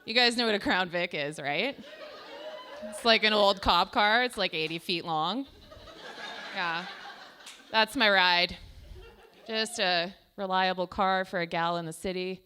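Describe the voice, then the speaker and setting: A woman's voice: medium pitch, measured pace, pauses often, pushed and bright, slight background noise. A young adult woman telling self-deprecating stand-up stories in a chatty way, full of "like". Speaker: stand-up comedian. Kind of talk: stand-up comedy storytelling. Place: small comedy show stage.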